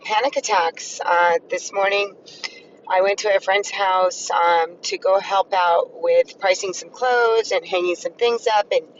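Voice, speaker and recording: A man's voice: sits high, steady tone, a little slow, highs cut off, slight background noise. A man vlogger recounting a personal experience in a hesitant, earnest way, full of ums and restarts. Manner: hesitant, filler-heavy and earnest. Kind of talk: personal storytelling.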